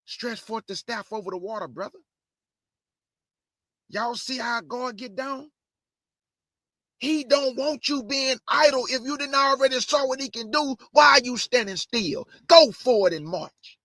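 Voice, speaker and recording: A man preaching from the Bible, mixing scripture reading with slangy asides and shouted bursts. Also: very high-pitched, a little slow, no room sound, clean studio sound. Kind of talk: energetic street-style Bible preaching.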